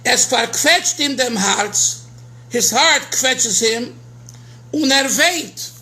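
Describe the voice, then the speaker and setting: High, bright-voiced New rabbi lecturing. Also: male voice, lively intonation, slow, poor audio. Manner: earnest, emphatic, often restarts phrases, mixes in Hebrew and Yiddish terms. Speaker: rabbi teaching a class. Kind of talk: informal Torah lecture.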